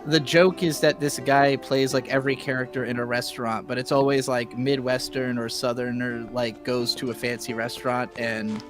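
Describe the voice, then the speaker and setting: A man hosts a casual podcast, reading comments out loud in a voice of middling pitch. He talks in an easygoing way and often trails off while he searches for a word. Music is clearly audible behind him. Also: level tone, normal speed, few pauses. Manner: easygoing, trailing off and hunting for words. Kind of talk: casual chat.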